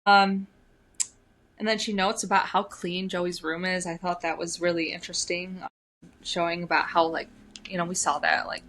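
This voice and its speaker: A young woman on a book podcast whose voice sits on the low side but rings bright and forward. She reads passages aloud and then breaks off to comment on them in a lively, casual way. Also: a little hiss or hum, rough recording. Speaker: podcast co-host.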